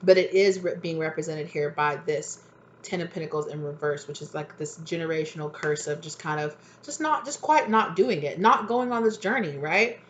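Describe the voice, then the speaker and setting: A woman with a fairly low voice talks through a tarot reading in a loose, conversational way. She keeps looping back with quick check-ins such as "right?" and "exactly". A faint hiss sits behind her voice. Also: expressive. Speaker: tarot reader. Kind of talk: casual spoken tarot reading.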